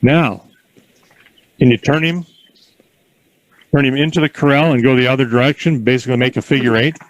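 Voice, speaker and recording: A man giving calm, encouraging instructions in an outdoor horse corral, mixing in folksy stories. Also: mid-range voice, fairly quick, no echo, poor audio. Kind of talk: outdoor coaching with anecdotes.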